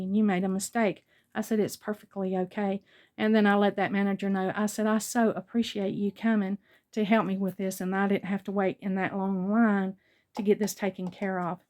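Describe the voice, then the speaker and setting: A chatty older woman tells a shopping story to her viewers in an easygoing, conversational way. Her voice sits at an ordinary middle pitch, and she retells back-and-forth dialogue as she goes. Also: a little mellow. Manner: chatty, retelling a store encounter with quoted dialogue. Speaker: vlogger. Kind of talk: casual storytelling haul vlog.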